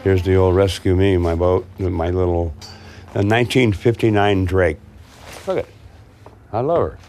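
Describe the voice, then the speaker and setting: Candid older man, low voice. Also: moderate pace, a little mellow, a little hiss or hum. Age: 60s. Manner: rambling and candid, laughs easily. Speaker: interviewee, boat owner. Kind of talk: casual chat. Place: outdoors, home and harbor.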